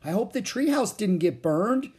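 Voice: medium pitch, lively intonation, normal speed, a little mellow, husky, voice pushed up. A reader voicing a curious, cautious young boy in an audiobook, talking in an earnest, thoughtful way. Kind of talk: audiobook character voice.

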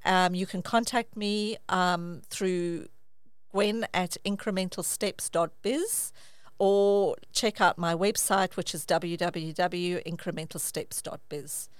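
A woman's voice: on the low side, steady tone, slow, clear, resonant tone, dry recording. A woman, a leadership coach, speaking as a guest on a radio show in a friendly way. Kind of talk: radio interview.

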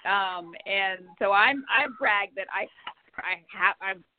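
A woman hosting a podcast, asking guests questions in a casual, effusive and animated way. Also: mid-range voice, slow. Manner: animated, effusive, lively storytelling. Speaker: podcast host. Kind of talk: casual interview. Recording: tinny phone-like line with faint noise.

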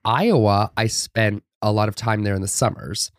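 A man co-hosting a casual podcast, telling stories in an animated, dramatic and sassy way. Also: fairly low pitch, normal speed, no room sound, clean studio sound. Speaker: podcast co-host.

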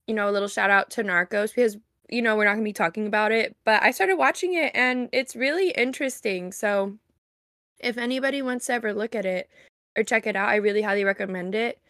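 A woman's voice: mid-range voice, fast talker, a bit bright, no room sound, studio quality. A young woman co-hosting a podcast in casual chat, making sarcastic jokes and recommendations. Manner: joking, sarcastic asides. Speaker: podcast co-host.

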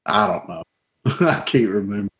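A man's voice: fairly low pitch, animated, moderate pace, fairly bright tone. A man hosting a casual movie-quote quiz for friends, laughing often between questions. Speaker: quiz host.

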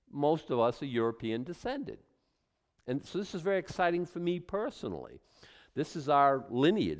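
A man preaching a conversational sermon to a congregation, with animated asides and frequent restarts. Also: on the high side. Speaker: pastor. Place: church room with a congregation.

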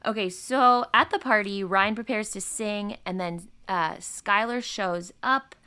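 A woman's voice: mid-range voice, a little slow, pushed and bright, smooth. A woman hosting a casual podcast chat, recapping an episode in a chatty way, laughing often and trailing off mid-thought.

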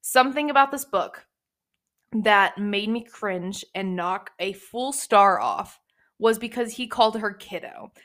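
A woman's voice: medium pitch, a little slow, fairly bright tone. A woman hosting a book podcast, chatting casually and gushing, with lots of fillers. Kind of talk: casual book review chat.

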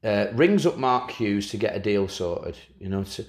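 Lively man chatting football. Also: fairly low pitch, normal speed, hardly any pauses, reverberant. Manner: lively storyteller, slips into impressions of people. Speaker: podcast co-host. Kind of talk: casual football chat.

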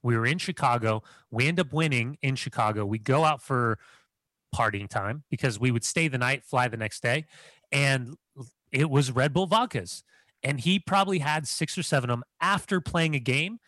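A man's voice: medium pitch, moderate pace, fairly bright tone, dry recording. A man co-hosting a podcast, a former footballer who tells stories animatedly and slips into impressions. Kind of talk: casual chat.

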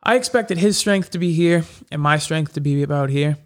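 A man with a slightly higher than usual voice talks casually in an interview. He is a fighter who tells his stories fast and loosely. He fills his sentences with casual fillers. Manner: chatty, quick storytelling with many fillers. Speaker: MMA fighter.

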